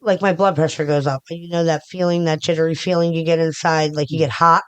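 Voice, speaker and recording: A woman's voice: sits low, fairly even intonation, fairly quick, clean tone, no echo. A middle-aged woman from the Philadelphia area, a podcast guest chatting casually in a rambling way with many restarts. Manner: rambling, restarts often, talks with her hands. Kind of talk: casual interview chat.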